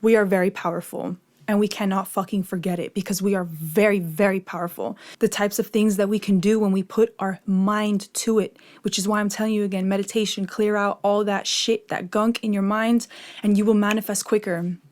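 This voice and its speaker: A woman's voice: medium pitch, steady tone, fairly quick, darkish tone. A young woman vlogger talking about meditation and manifesting. She tells a story in a chatty, casual way, swears freely and fills her talk with "like" and "you know.".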